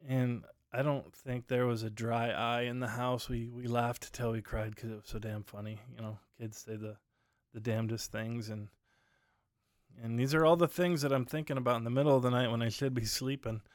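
At a normal speed and with fairly even intonation, a man hosting his own podcast meanders through casual stories full of fillers from home at night. His voice is medium-pitched, and the recording is dry and studio quality.

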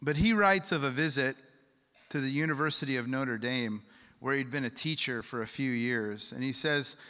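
A man preaches a sermon in a casual, conversational manner, often turning questions over to the congregation. His voice is bright and forceful, with a mid pitch. The sound carries the long reverb of a church hall. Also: normal speed. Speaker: pastor.

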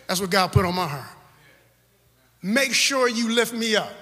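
A man's voice: high-pitched, sharp tone, big-room sound. A man in his forties preaching a sermon to his congregation, calling out for responses and repeating key phrases in a rhythmic build. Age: 40s. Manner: call-and-response exhortation with rhythmic repetition. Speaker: pastor. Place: church sanctuary.

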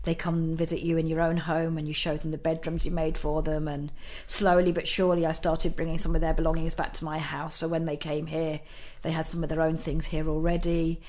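A woman's voice: sits low, little pitch movement, fairly quick, few pauses, darkish tone. A middle-aged woman, a guest in an interview, telling a personal story in a chatty way, laughing often and using many fillers.

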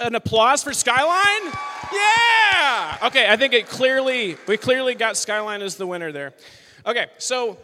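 A young man in his twenties gives a loose, joking sermon to a college crowd, chatty and upbeat. His voice sits high and sounds bright and forceful. The room rings with the long reverb of a large hall. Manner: chatty and upbeat, full of "like" and "you know". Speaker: worship leader preaching. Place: large worship hall with live audience.

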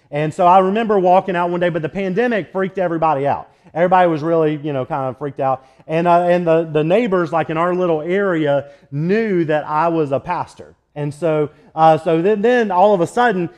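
A man pastor preaching a relaxed, joking sermon in a church sanctuary, telling stories between scripture readings. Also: fairly high pitch. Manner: casual, conversational, joking storyteller.

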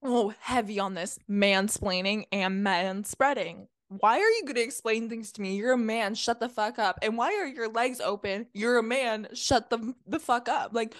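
A woman's voice: a little high, normal speed, hardly any pauses, no echo, clean studio sound. A young woman co-hosting a podcast, ranting bluntly and profanely in casual chat. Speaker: podcast co-host.

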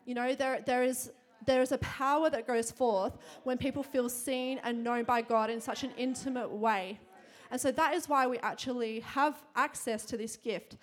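A young woman preaching to a congregation in a chatty, quick way, full of fillers and bursts of laughter. Her voice sits a little high, and she moves easily between storytelling and teaching. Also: steady tone. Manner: chatty, fast, laughing often, many fillers. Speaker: church speaker. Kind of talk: sermon with personal story.

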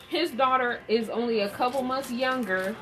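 A woman's voice: fairly high pitch, a little slow, soft background music, low-quality recording. A woman telling a candid story in a blunt, emphatic monologue about parenting. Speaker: parenting vlogger. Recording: steady audible background noise.

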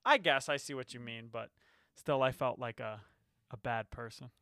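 A young man co-hosting a podcast, casual and teasing, animated and quick to laugh, on a close microphone. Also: medium pitch, clear, resonant tone, dry recording. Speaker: podcast co-host. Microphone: close podcast mic.

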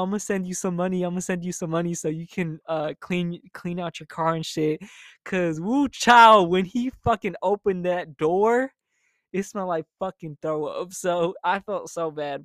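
Brief: young guy, slightly high voice, profane chatty storyteller, dry close mic. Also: no echo. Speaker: storytime host. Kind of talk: casual storytelling monologue.

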